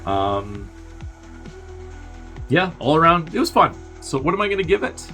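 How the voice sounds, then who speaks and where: A man's voice: fairly high pitch, very animated, measured pace, sharp tone, soft background music. A man hosting a movie review show, casually recapping a film in a rambling, wry, filler-heavy way. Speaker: movie review podcast host.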